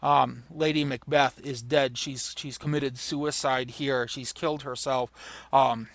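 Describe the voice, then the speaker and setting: A man's voice: medium pitch, fairly even intonation, a little slow, vocal fry, fairly bright tone. A man lecturing on literature, explaining patiently and paraphrasing the passages he reads aloud. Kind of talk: recorded lecture.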